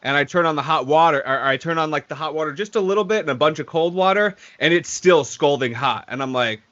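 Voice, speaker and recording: A man's voice: a little high, quick pace, dull audio. A man telling a long story on a podcast in casual, profane chat, acting out what others said. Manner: animated, profane, acts out quotes. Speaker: podcast co-host.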